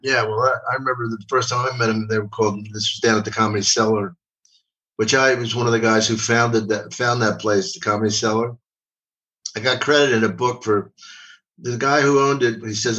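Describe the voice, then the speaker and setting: A man's voice: on the low side, level tone, fairly quick, fairly bright tone, highs cut off. Older man, rambling profane storyteller, sits back from the mic. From Philadelphia. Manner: rambling, repeats words, profane. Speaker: guest comedian. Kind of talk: casual storytelling. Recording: voice from a distance.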